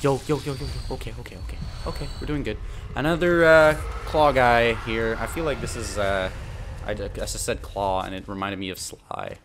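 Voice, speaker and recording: A young man commentating his own gameplay, excitable and frustrated, swearing and talking back to enemies on screen. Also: mid-range voice, normal speed, background noise. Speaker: gaming channel host.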